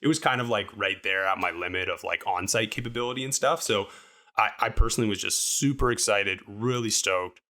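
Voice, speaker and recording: Young male podcast guest, deep but bright voice, chatty storyteller full of "like" and "um". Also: fairly quick. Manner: rambling, upbeat, lots of fillers like "like" and "um". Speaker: podcast co-host and guest recounting a climbing fall. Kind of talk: casual storytelling interview.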